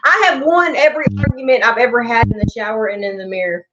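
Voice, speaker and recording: A woman's voice: a little high, fast, a bit bright, lo-fi sound. A woman guest on a tarot stream, chatting shyly and laughing. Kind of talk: casual chat.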